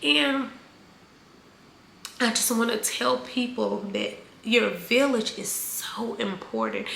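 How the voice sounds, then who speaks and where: Emotional woman with a gravelly voice. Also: on the high side, fairly bright tone. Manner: heartfelt, halting, many fillers. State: emotional, near tears. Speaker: vlogger. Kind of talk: personal storytelling vlog. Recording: echoey room, faint background noise.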